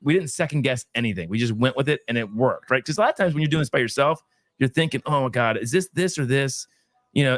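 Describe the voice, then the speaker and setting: A man's voice: mid-range voice, no echo. A man hosting a casual whiskey tasting show, joking and teasing his co-hosts. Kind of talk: casual chat.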